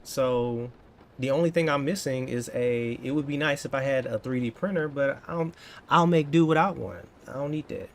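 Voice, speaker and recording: A man's voice: mid-range voice, moderate pace, gravelly, a little hiss or hum. A man in his thirties chatting casually with his viewers in a playful, joking way, now and then tipping into over-the-top dramatics. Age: 30s. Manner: playful and joking, slips into exaggerated dramatic bits. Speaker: coding vlogger. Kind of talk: casual chat to live viewers.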